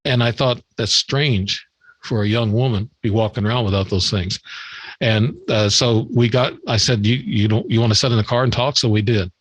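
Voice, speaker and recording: Older man, podcast guest, low voice, dry close sound, rambling storytelling, repeats himself. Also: normal speed, breathy edge, no room sound, low-quality recording. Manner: rambling, repeats words and acts out quoted dialogue. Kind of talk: storytelling in an interview.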